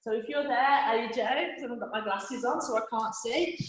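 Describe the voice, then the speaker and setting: A woman's voice: a little high, fairly quick. A woman leading a live children's yoga class, giving playful, encouraging step-by-step cues. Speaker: kids yoga teacher. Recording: very echoey room.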